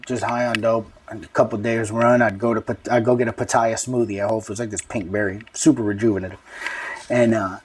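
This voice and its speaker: A man's voice: mid-range voice, a little mellow, slightly rough, distant mic. A man, telling his life story as an interview guest in profane, slangy, rambling talk. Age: 30s. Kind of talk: casual street-talk storytelling.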